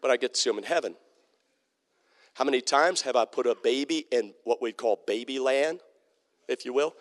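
A man's voice: mid-range voice, normal speed. Emphatic male preacher in a reverberant hall. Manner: emphatic, repetitive preaching with frequent "Okay?" check-ins. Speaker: pastor. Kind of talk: sermon.

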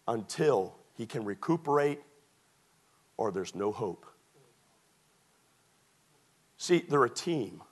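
A male pastor preaches a sermon, shifting from quiet storytelling to shouted exhortation. His voice is mid-range.

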